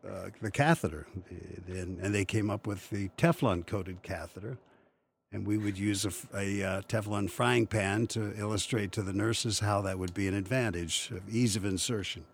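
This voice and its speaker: A man's voice: on the low side, moderate pace, creaky, slight background noise. A man in his seventies from Western Pennsylvania, a voice actor telling rambling, chuckling stories in an interview. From Western Pennsylvania, USA. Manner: rambling storyteller, chuckling, many restarts. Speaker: voice actor guest. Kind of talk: anecdotal interview chat.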